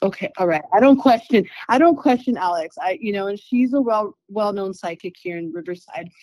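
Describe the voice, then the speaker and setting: A woman guest telling a personal story in a podcast interview, candid and animated, swearing freely. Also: mid-range voice, a little fast, no room sound, rough recording. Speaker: interview guest, spiritual healer.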